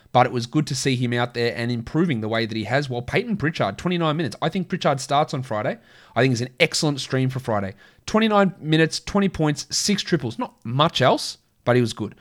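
A man with a crackly voice hosts a casual sports podcast at a middling pitch. He talks in a chatty, opinionated way and reels off numbers in quick lists. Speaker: podcast host.

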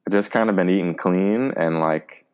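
A man's voice: sits low, normal speed, smooth. A young man, chatting casually and laughing through fillers. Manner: relaxed, laughing, trailing fillers. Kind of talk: casual chat.

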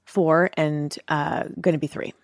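A woman's voice: deep voice, fairly even intonation, a little slow, no echo. A woman who is a guest on a podcast, chatting casually in a playful way and laughing easily. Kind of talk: casual interview chat.

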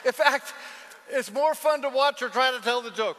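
A man preaching a lively sermon to a church congregation, telling a joke and calling for responses from the listeners. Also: very high-pitched, unhurried, slight background noise. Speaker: pastor. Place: large church hall. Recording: long hall reverb.

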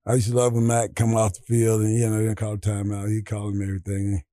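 A man in his sixties from Atlanta, Georgia, casually telling profane, animated stories as a guest and laughing as he acts out quotes. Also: fairly low pitch, quick pace, no echo, studio quality. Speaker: guest, retired football player. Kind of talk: casual storytelling.

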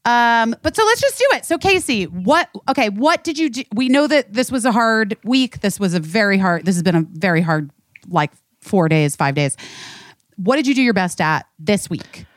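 A woman's voice: medium pitch, animated, moderate pace, no room sound, studio quality. A woman in her thirties co-hosting a candid casual chat, rambling and emotional, and swearing freely. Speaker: podcast co-host.

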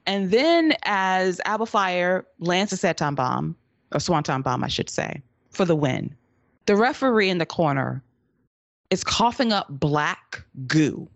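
A podcast co-host recapping a wrestling show, laughing often and turning sarcastic about a bad finish. Voice of middling pitch, recorded dry and close with no room sound. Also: big pitch swings, unhurried, a bit bright, no room sound. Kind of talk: casual wrestling recap chat.

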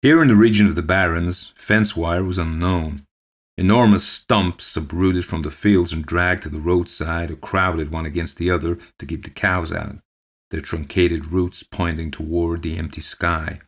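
A man narrating a ghost story aloud for a podcast in a measured, steady way. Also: low voice.

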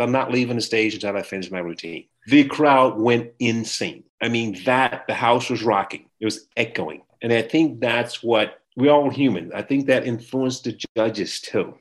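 Low-voiced man telling his life story. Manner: emotional, animated storyteller who acts out quotes. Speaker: interview guest.

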